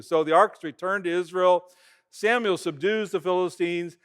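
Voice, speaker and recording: A man preaches in a chatty, storytelling way, his voice sitting somewhat high for a man. He retells events in plain words, with quick asides and restarts, as a pastor talking to his church. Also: smooth. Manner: animated storytelling, retelling events in everyday talk. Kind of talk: conversational sermon.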